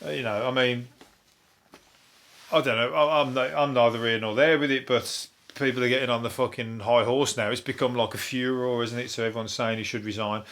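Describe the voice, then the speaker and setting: A man's voice: mid-range voice, fairly even intonation, a little fast, fairly bright tone. A man with a Birmingham accent, a comedian hosting a rambling, sweary comic news monologue. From Birmingham, England. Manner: sweary, laughing, digressive. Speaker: comedian host.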